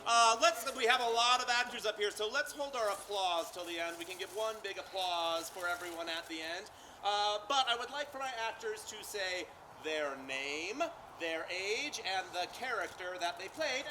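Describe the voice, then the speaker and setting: A man's voice: high-pitched, normal speed. A man, a youth theatre director, gives a post-show curtain speech on an outdoor stage, upbeat and grateful, with frequent "uh" fillers. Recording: loud crowd and background noise.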